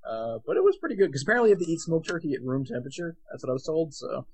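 A young man with a New Jersey accent and a slightly high voice co-hosts a casual podcast, talking very animatedly at a racing pace. He rambles with lots of fillers, has a slight speech impediment, and is on cold medicine.

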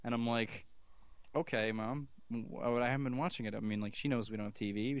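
A man's voice: medium pitch, steady tone, fairly quick, no room sound. A man co-hosting a podcast in casual chat, rambling and swearing, with many restarts. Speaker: podcast co-host.

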